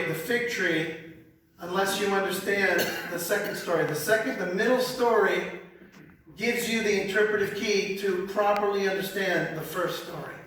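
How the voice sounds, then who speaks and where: A man with a high voice gives an animated, conversational Bible lesson, often repeating words as he talks. He sounds far from the microphone, and his voice booms around a large, very echoey hall. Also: slight background noise. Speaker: Bible teacher. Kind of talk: sermon-style Bible teaching.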